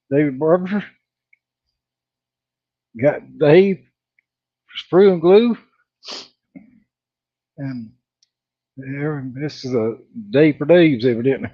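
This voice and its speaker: A man's voice: fairly high pitch, no room sound, dull audio. A man hosting a casual hobby livestream, out of breath, greeting viewers by name with lots of fillers.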